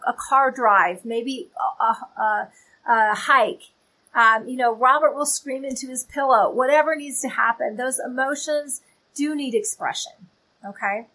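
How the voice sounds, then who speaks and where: A woman's voice: fairly high pitch, fairly bright tone, low-quality recording. A woman giving a conversational, faith-based teaching. She is earnest and candid, often checking in with her listeners. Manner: earnest and candid, checks in with "okay?" and "you know". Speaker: Christian author and teacher.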